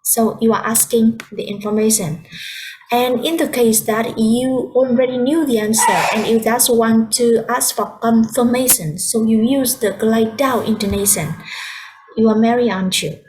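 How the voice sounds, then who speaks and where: A woman's voice: fairly high pitch, steady tone, a little slow, a little mellow, slight background noise. A woman English teacher with a Vietnamese accent, explaining patiently over a video call. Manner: explains patiently, switching between languages. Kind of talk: online class instruction.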